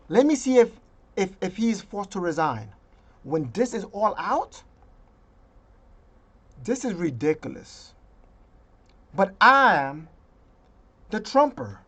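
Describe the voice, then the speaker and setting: Brief: emphatic, slow-talking vlogger, indignant political rant. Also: medium pitch. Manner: emphatic, indignant, slips into mocking voices.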